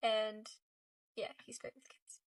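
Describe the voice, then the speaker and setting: A woman chatting through her reaction to a TV show in a gushing, emotional, chatty way. Her voice sits on the higher side and sounds a little distant from the mic. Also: monotone, takes it slowly. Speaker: reaction video creator. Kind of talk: casual reaction commentary.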